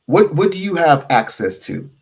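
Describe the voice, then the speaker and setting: A man hosting a casual commentary stream, talking emphatically with big swings in pitch and loudness and asking the audience rhetorical questions. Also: very animated, moderate pace, creaky, slightly rough. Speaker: host reacting to a clip.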